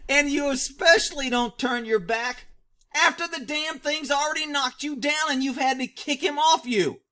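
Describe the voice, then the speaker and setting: A man's voice: very high-pitched, moderate pace, pushed and bright. A middle-aged man commenting on a video clip, mocking it and laughing constantly between phrases. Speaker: vlog host.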